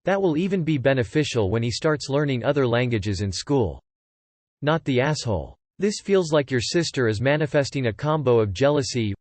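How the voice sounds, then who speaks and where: A man reading forum posts aloud in steady, matter-of-fact scripted narration. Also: medium pitch, dry recording.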